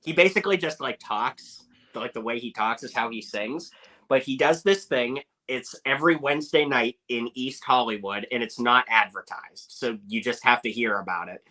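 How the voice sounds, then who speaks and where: A young man telling animated anecdotes as a podcast guest, with lots of filler words. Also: medium pitch, normal speed, rough recording. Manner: animated storyteller, many "like" fillers.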